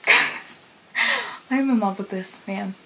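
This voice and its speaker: A woman's voice: mid-range voice, slow pace, vocal fry, bright, forceful tone, poor audio. A young woman hosting a fan reaction video, gushing and squealing as she reacts, with faint music behind her. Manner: gushing, squealing, breathless fangirling. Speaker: YouTube reaction host. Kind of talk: excited fan reaction vlog.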